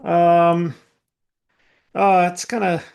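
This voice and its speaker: A man's voice: high voice, flat delivery, extremely slow, gravelly, darkish tone. A man co-hosting a casual music podcast, giving a rambling, hesitant rating of a track with many fillers. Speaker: podcast co-host. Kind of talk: casual chat, album review.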